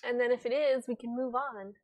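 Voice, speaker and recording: A woman's voice: a little high, steady tone, a little fast, background noise. A woman hosting a casual cooking livestream, chatting and reading viewer comments aloud while she cooks, recorded on a lavalier microphone in a home kitchen.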